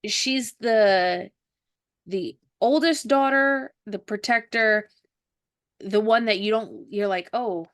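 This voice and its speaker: Animated woman host telling stories. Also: mid-range voice, slow. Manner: animated storyteller who acts out dialogue. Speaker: podcast host and author. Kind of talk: casual chat.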